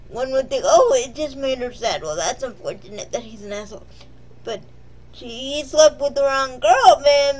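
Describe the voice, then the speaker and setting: Unhurried, slightly high-voiced joking woman. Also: darkish tone. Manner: rambling, joking, self-deprecating. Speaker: vlogger reviewing a film. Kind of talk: casual spoken film recap.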